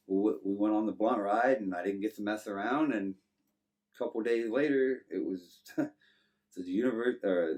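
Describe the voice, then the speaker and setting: A man's voice: sits low, darkish tone, distant mic. A man in his thirties with a Texan accent, telling his life story to an interviewer in a loose, rambling way full of "you know". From Texas. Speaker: guest.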